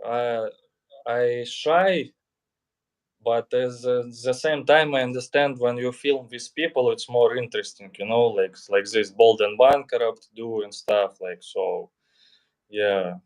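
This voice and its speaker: A man's voice: medium pitch, slow pace, darkish tone. Hesitant man chatting on stream. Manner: hesitant, many fillers. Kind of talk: casual chat. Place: in Serbia.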